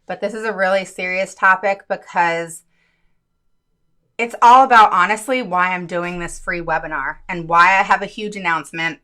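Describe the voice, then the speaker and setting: A woman hosting a casual live stream as a parent advocate, earnest and chatty, with many fillers and quick hellos to viewers by name. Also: on the low side, bright, forceful tone. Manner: chatty, greets viewers by name mid-sentence. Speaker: special education advocate and live-stream host.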